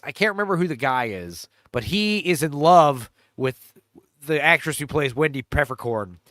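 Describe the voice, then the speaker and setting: A man's voice: on the high side, a bit bright, dry recording, studio quality. Rambling, laughing guy riffing on a movie. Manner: rambling, laughing, crude jokes, many fillers. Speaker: podcast host riffing on a movie trailer. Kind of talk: casual chat.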